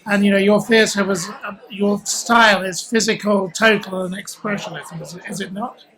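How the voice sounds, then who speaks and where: A man's voice: sits high, fairly even intonation, normal speed, a crowd in the background, low-quality recording. A man interviewing a guest over dinner at a restaurant, asking eager, leading questions. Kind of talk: conversational interview.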